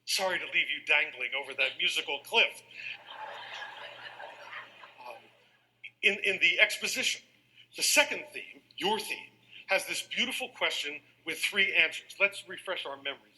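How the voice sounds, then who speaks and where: Bright, animated male music lecturer. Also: a little high, moderate pace, pauses often, low-quality recording. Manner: animated, leads the audience in counting and rhythm. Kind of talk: lecture to a live audience.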